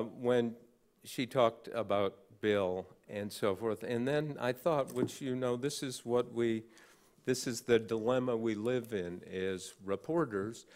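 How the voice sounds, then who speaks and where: A man in his sixties speaks slowly and unhurriedly from a podium microphone, his voice pitched at an ordinary middle register. He tells an anecdote in a halting way, with many uh fillers and a dry, wry humor. It sounds like an acceptance speech to a large room. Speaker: award recipient giving acceptance speech. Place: large banquet hall on stage.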